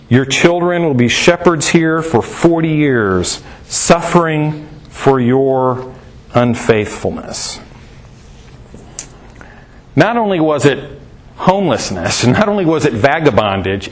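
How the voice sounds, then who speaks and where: Teaching scripture in a relaxed, chatty style, this mid-pitched male preacher stays animated, tossing out rhetorical questions and leaping his voice upward to land points. Homespun asides and little fillers make it feel like conversation.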